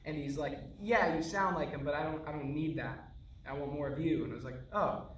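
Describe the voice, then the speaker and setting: A man's voice: fairly high pitch, a little fast, a bit bright, a little hiss or hum. A man on a panel, animatedly telling stories and laughing often at a Q&A. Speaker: actor on a panel. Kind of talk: animated storytelling at a Q&A. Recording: echoey hall from far off.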